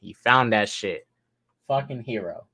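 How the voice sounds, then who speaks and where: A man's voice: fairly low pitch, expressive, a little slow, pushed and bright. A young man hosting a reaction video, talking bluntly and swearing between muttered asides. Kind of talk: casual reaction commentary.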